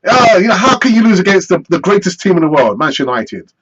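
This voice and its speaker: A man's voice: high voice, sing-song, fast, a bit bright, slightly rough, exaggerated voice. A man voicing a teasing eleven-year-old schoolboy football fan, in a slightly lo-fi recording. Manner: teasing, mocking.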